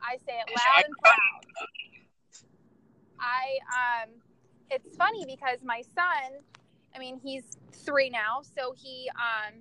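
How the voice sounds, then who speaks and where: A woman's voice: high-pitched, slow pace, long pauses, bright, forceful tone, a little hiss or hum, rough recording. A young woman telling candid, profane stories about her family in casual chat, laughing often.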